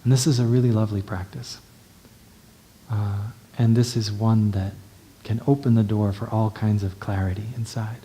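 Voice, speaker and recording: A male meditation teacher giving a dharma talk in a gentle, unhurried way, often checking in with the listener. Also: on the low side, flat delivery, slight background noise.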